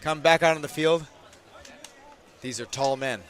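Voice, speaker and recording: A high-pitched man commentates a game from the booth with a bright, forceful tone. He jokes around between plays and suddenly gets loud when a big catch or throw happens. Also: unhurried. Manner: excitable, jokey, bursts loud on big plays. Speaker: sports commentator. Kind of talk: play-by-play commentary with banter. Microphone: booth microphone.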